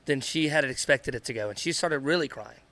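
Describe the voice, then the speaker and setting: Man, podcast co-host, high gravelly bright voice, earnest and rambling, dry close sound. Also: brisk. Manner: earnest, rambling, repeats himself. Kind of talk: candid podcast conversation.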